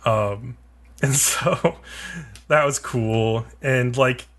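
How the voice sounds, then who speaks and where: A man's voice: medium pitch, very slow, fairly bright tone. A man co-hosting a podcast, casually recapping an anime episode in a rambling, filler-heavy, profane way. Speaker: podcast co-host.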